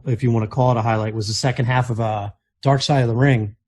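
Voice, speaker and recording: A man co-hosting a casual podcast chat, telling stories in a rambling, animated way with many restarts. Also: medium pitch, fast. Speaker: podcast co-host.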